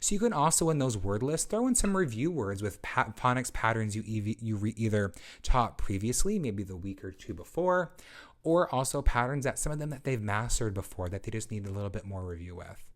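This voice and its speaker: A man's voice: fairly low pitch, very animated, a little fast. A man who researches literacy, presenting a webinar for parents and explaining teaching routines step by step, with teacher-style prompts.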